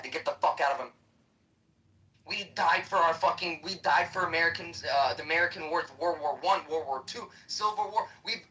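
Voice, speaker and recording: A man fires off a quick, combative, profanity-laced rant, his voice bright and pushing hard. He sounds a little distant from the mic, with faint noise around him. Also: a little high. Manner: aggressive, profane, combative ranting. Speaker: live-stream debater. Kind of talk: heated live-app debate rant.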